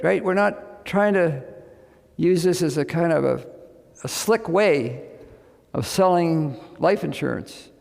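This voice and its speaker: A man's voice: fairly high pitch, gravelly, a little mellow, big-room sound. A man speaking as a medical missionary, giving a casual, folksy talk to a group in a room. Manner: chatty, folksy, often asks "you know what I mean". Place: indoor gathering with a live audience.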